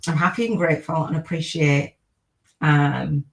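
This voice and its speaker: A woman's voice: sits low, steady tone, moderate pace, vocal fry, a little hiss or hum, rough recording. A middle-aged woman hosting a live-streamed podcast, chatting in an upbeat, rambling way and repeating gratitude affirmations. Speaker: podcast host.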